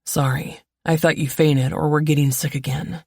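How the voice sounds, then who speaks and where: A woman narrator voicing a protective, commanding man in a calm, firm tone, close to her own low voice. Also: moderate pace, vocal fry, husky, no echo, exaggerated voice. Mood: firm caring.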